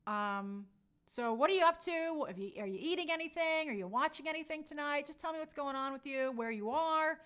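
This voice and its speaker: A woman's voice: sits high, a bit bright. A woman hosting a casual live stream, reading viewer comments aloud and reacting in an upbeat, chatty way. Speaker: livestream host reading chat.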